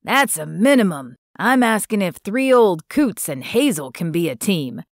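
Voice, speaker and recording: A woman's voice: mid-range voice, very animated, a little slow, no room sound, clean studio sound. A woman voicing a chatty, teasing old man who is a town regular, read in a storybook audiobook. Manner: jovial, teasing.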